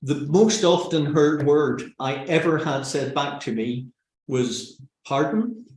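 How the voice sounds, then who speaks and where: A man's voice: on the high side, takes it slowly. Northern Irish man, joking presenter, roomy sound. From Northern Ireland. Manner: lively and joking, with self-mocking anecdotes. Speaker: webinar presenter. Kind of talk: presenting a public speaking workshop. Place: indoors, on a video call. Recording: roomy echo.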